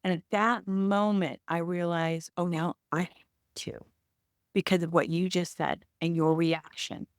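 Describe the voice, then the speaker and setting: Woman guest, smooth clear voice, dry close sound, emphatic, candid storyteller, acts out quotes. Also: lowish voice, level tone, measured pace, dry recording. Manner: emphatic, with frequent restarts and reenacted quotes. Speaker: actor and producer, podcast guest.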